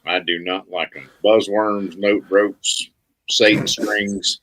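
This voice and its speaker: A man's voice: on the low side, fairly even intonation, slow, pushed and bright, poor audio. A man co-hosting a podcast, easygoing and fond of folksy sayings. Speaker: podcast co-host. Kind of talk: casual chat.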